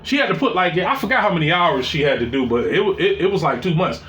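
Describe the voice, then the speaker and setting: Male storyteller, 40s; profane and rambling, animated delivery, roomy echo. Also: a little high, quick pace, slight background noise. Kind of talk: casual personal storytelling. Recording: echoey room.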